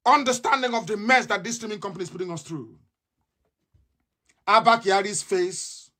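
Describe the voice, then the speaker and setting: Fiery, high-voiced man. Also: pushed and bright. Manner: fiery, scornful, repetitive. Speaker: radio broadcaster. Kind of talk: live radio broadcast monologue.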